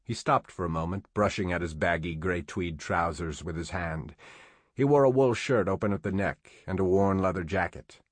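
A man narrating an audiobook in a steady, measured storytelling manner. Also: sits low, no echo.

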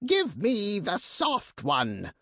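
A rasping, greedy bird monster. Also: male voice, huge pitch swings, pushed and bright, no room sound, studio quality, full character voice. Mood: menacing. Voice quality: rasping, strained high voice. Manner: slow, broken, menacing speech.

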